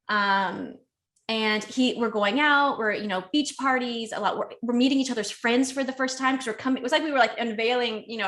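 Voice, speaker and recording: A woman guest on a podcast, telling a painful personal story in a candid, emotional, rushed way full of fillers. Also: fairly high pitch, fairly bright tone. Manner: emotional, rushed, heavy use of "like".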